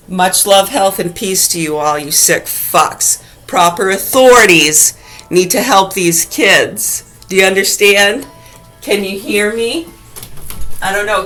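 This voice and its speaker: Furious cursing woman, lowish voice. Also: low-quality recording. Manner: furious, cursing, swings from low mutters to shouted outbursts. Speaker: mother ranting to camera. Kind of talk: angry profane rant vlog.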